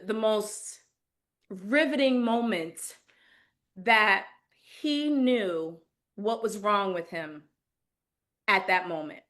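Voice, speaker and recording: A woman in her forties, a podcast guest, telling a personal story in a candid, emotional way with many pauses and fillers. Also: fairly high pitch, pushed and bright.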